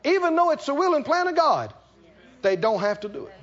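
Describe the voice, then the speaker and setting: A man preaching a sermon, telling stories with animated asides and laughter, and repeating key lines slowly for emphasis. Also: very high-pitched, lo-fi sound.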